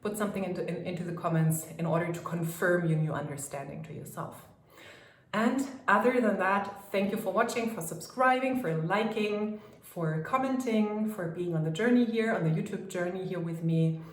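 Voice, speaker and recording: A woman's voice: on the low side, moderate pace, roomy sound. A woman life coach talking casually to camera, emphatic, swinging between mocking and commanding tones. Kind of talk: casual direct-to-camera talk.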